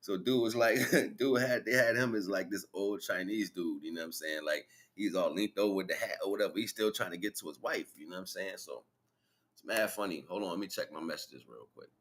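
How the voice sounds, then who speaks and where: The livestream host talks fairly quickly in a low, slightly bright voice. His spiritual monologue is casual and meandering, packed with slang, and he laughs as he recounts what happened.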